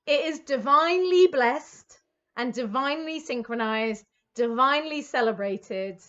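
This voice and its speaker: A woman from the UK giving a tarot reading, gushing and excitable in a chatty way. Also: sits high, a little slow, dull audio. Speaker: psychic tarot reader.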